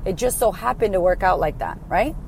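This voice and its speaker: A woman in her thirties, a life coach, telling her story in a blunt, sweary, animated way. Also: medium pitch, a little fast, gravelly, a little hiss or hum. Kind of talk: casual storytelling to camera.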